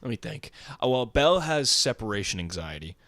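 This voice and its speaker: A man's voice: lowish voice, big pitch swings, brisk, a bit bright, no room sound. A young man co-hosting a casual podcast chat, rambling with lots of fillers and slipping into mock-heroic speeches. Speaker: podcast co-host.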